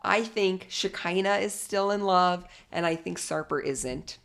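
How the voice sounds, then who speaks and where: A woman co-hosting a casual podcast, her voice sitting a bit on the low side. She talks in an excitable, gossipy way, laughing often and dropping the odd swear word. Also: unhurried, creaky, clean tone. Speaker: podcast co-host. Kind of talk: casual chat about reality TV.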